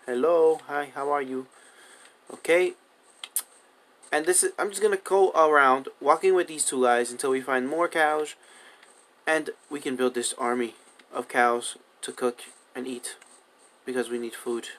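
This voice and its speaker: A man's voice: a little high, a little slow, long pauses, fairly bright tone. A young man casually commenting on his own survival game as he plays, chatting and coaxing the animals with repeated commands. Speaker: gaming video host.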